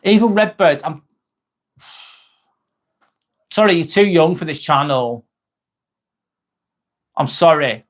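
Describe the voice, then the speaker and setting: Guy on a live stream, slightly high voice, earnest, keeps repeating himself, calls folks mate. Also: expressive, slow pace, long pauses. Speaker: live-stream host reading viewer comments. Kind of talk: casual live-stream chat.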